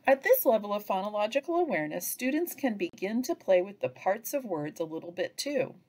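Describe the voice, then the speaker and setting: A woman giving an instructional training narration for early reading teachers, pausing to chant example phrases. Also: mid-range voice. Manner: slow, lively delivery with chanted example phrases.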